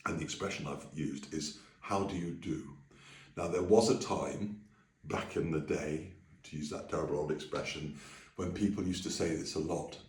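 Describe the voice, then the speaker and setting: A man leading a friendly singing and language lesson, breaking into high sung phrases to demonstrate. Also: moderate pace, a little mellow, roomy sound, recorded from a distance. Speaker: music teacher.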